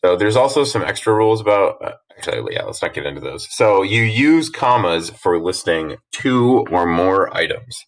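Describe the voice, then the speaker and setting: A man teacher walking students through a worksheet in a relaxed, explanatory way with frequent fillers. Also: low voice, moderate pace, few pauses. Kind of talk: recorded classroom lesson.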